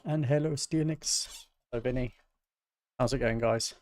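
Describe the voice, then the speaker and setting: Relaxed and ready to laugh at himself, a British music producer talks casually with his livestream audience. He has a mid-range voice and speaks a little slowly.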